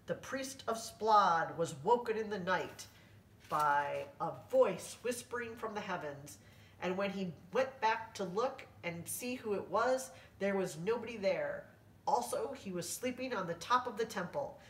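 A woman voicing a proud, earnest island man who explains slowly and solemnly in a storybook reading, in an echoey room away from the mic. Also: medium pitch, recorded from a distance, natural voice.

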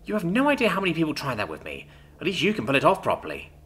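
A man voicing a young, mild-mannered female mage student who speaks calmly. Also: fairly high pitch, racing, pitched above the performer's own voice. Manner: calm, soft-spoken.

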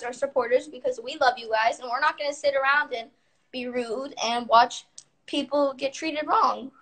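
A woman's voice: sits high, fairly even intonation, unhurried, fairly bright tone. A middle-aged woman on a livestream, speaking to supporters in firm, upbeat, rallying statements. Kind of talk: livestream address to followers.

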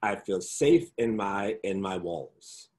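A flamboyant middle-aged man chats as a guest over a video call, his voice sitting fairly low. He tells his stories with animation and slips into the voices and accents of whoever he is quoting. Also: expressive, takes it slowly, darkish tone. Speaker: interview guest. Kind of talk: casual interview chat.

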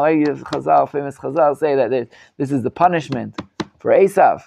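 A man teaching a live Torah class as a rabbi, animated and emphatic, often restarting and repeating words. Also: mid-range voice, normal speed, vocal fry.

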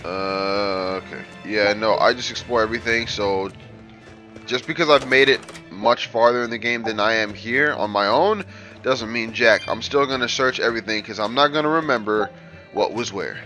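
A man's voice: on the low side, moderate pace, pushed and bright, lo-fi sound, soft background music. A man hosting a casual let's play, brash and trash-talking as he reads game lines aloud and mocks them. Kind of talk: casual gameplay commentary.

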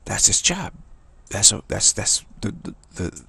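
A man with a low, heavily gravelly and husky voice gives an earnest spiritual talk. He tells it like a story and circles back over his phrases for emphasis. The sound is close and dry. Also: sing-song, a little slow, bright, forceful tone, no room sound. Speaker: spiritual teacher.

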